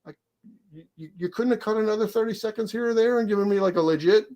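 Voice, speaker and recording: Guy with a high voice, rambly and excitable, lots of stammered restarts, casual podcast chat. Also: fast talker, lo-fi sound, slight background noise. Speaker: co-host.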